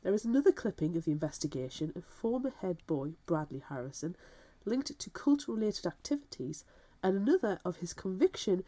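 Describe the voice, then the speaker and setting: A woman's voice: lowish voice, very animated, fairly quick, warm tone. A woman co-hosting a podcast, reading out plot points and adding wry comments. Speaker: podcast co-host. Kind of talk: casual book discussion chat.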